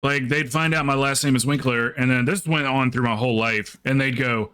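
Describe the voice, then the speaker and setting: A man's voice: medium pitch, fairly quick, bright, forceful tone, clear, resonant tone. A man from South Carolina, streaming a game and telling rambling, joking stories in casual chat. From South Carolina, USA. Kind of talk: casual chat while gaming.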